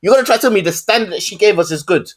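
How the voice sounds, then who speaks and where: High-voiced man teasing his co-hosts. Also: animated, rapid-fire, slightly rough. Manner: heated, teasing, keeps calling others liars. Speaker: podcast co-host. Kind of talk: casual film review chat.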